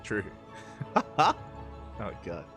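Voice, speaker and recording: Bright-voiced Australian esports caster. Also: male voice, lowish voice, huge pitch swings, extremely slow, soft background music. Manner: chatty, laughs often, loose asides between play-by-play. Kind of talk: live esports commentary.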